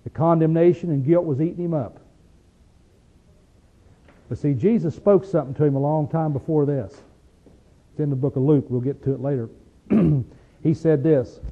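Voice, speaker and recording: With a Southern hillbilly accent from the Appalachian region of the USA, a man delivers a sermon in a plain, folksy style, throwing out rhetorical questions and slowing when he reads scripture. His voice is a little high for a man, and the recording sounds thin and tinny, like it came over a phone line.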